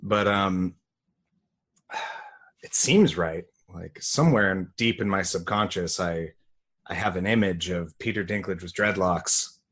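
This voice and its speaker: Man, podcast co-host, casual movie recap, laid-back, swearing, fairly low voice. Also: measured pace, a bit bright, slightly rough.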